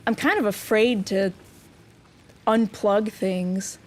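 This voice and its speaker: A woman's voice: medium pitch, slow. A young woman streaming a building game, chatting with viewers in a goofy, self-mocking way and giggling often. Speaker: VTuber streamer. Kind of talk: casual game stream chat.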